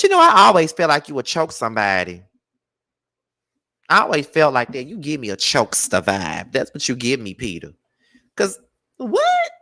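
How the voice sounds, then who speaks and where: A gossip show host runs a live celebrity gossip chat, sassy and animated, scolding with sudden high exclaims and drawling "child" and "honey." There's no echo.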